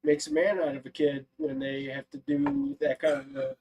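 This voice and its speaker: A man's voice: a little high, very animated, moderate pace, vocal fry, a little mellow. A man co-hosting a livestream, adding short, blunt comments in casual chat.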